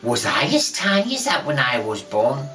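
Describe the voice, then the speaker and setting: A woman's voice: very deep voice, very animated, normal speed, a little hiss or hum, full character voice. A woman doing an eager little bear cub. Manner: eager and forgiving. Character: small friendly bear cub, boy. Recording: distant voice over soft music.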